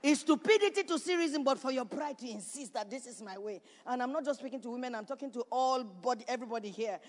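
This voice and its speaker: A woman pastor preaching a sermon in a church, building to shouts and repeating her points. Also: a little high, lively intonation, quick pace. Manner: preaching with rising shouts and repetition. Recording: reverberant church hall.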